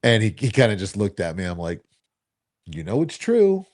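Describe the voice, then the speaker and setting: Man, casual chat, animated storytelling, acts out dialogue. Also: lowish voice, moderate pace. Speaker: co-host.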